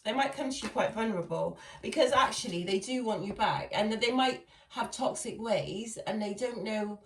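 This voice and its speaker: A woman's voice: medium pitch, animated, normal speed, a little hiss or hum. A woman doing a casual tarot reading, chatty and laughing often as she talks to her viewers. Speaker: tarot reader. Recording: echoey room, far from mic.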